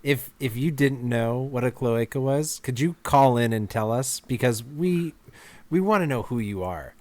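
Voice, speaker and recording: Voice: mid-range voice, animated, normal speed, darkish tone, no room sound. Wry chuckling podcast guest. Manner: dry wry jokes, chuckling. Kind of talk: comedic science podcast chat.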